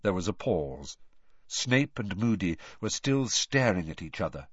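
A man narrating an audiobook in an expressive storytelling read. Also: sits low, a little slow, dry recording. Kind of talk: scripted narration. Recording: dry, slightly dull recording.

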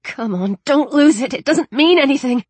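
A woman's voice: high voice, lively intonation, normal speed, dry recording, voice pushed up. A woman voicing a resourceful young woman in danger, giving tense, urgent orders.

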